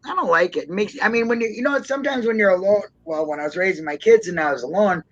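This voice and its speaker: A woman co-hosting an online support chat, joking and laughing a lot, with a naturally low voice that she pushes up higher when she talks. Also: quick pace, lo-fi sound. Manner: laughs often, chatty and joking. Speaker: co-host of an online support talk. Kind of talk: casual live-stream chat.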